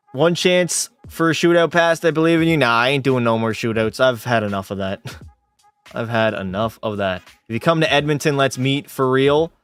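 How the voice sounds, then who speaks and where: A man's voice: mid-range voice, clear, resonant tone, dry recording. A young man from Canada streaming a hockey game, calling plays like a sportscaster and bantering casually with chat, swearing now and then. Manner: excitable, mock sportscaster calls mixed with casual swearing. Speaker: gaming streamer. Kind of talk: live play-by-play commentary and chat banter.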